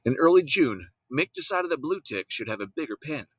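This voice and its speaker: A man reading a children's story aloud in an expressive, lively storytelling manner. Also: on the high side, fairly quick, husky, dry recording, rough recording. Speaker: audiobook reader. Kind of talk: storybook read-aloud narration.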